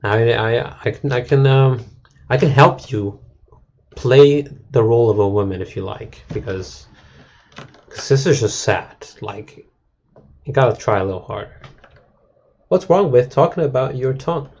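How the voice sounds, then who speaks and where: Male streamer, husky and a bit raspy, crude rambling chat on a dull lo-fi mic. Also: mid-range voice, measured pace, long pauses, a little mellow. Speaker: game streamer. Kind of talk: casual rant to stream chat.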